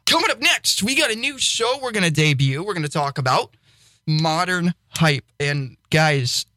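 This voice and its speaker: Young male co-host, higher-pitched, excitable, laughs a lot, dry close sound. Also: moderate pace, no room sound. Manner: excitable storyteller, laughs often. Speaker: podcast co-host and radio DJ. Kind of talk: casual chat.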